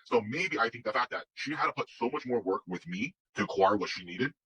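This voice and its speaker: A man's voice: lowish voice, lively intonation, a little fast, bright, forceful tone, breathy edge, rough recording. A man telling a personal story in a casual, rambling way, full of restarts and quoted dialogue. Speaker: guest telling his story.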